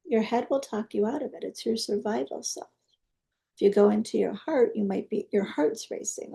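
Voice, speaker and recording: Speaking at a normal speed with a slightly high pitch, a woman leads an energy-healing meditation in gentle, coaxing tones. Heavy gravelly fry runs through her very dark, mellow voice, and she shifts between soft guidance and hushed, prayer-like requests.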